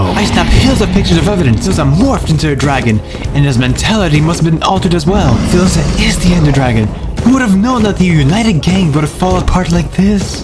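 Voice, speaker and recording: A man's voice: a little high, animated, brisk. A man doing a voice-over as a mock detective, with a dramatic, over-the-top noir delivery. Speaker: narrator. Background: music.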